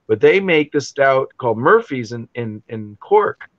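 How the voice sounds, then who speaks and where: A man hosting a casual stream, telling a long story in a rambling, animated way, full of fillers and restarts. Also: medium pitch, a little slow, dry recording, highs cut off. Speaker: stream host.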